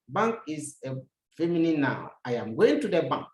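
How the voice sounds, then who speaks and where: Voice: mid-range voice, sing-song, moderate pace. A language teacher giving a recorded lesson, repeating each example sentence, translating it and asking the learner rhetorical questions. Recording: roomy echo.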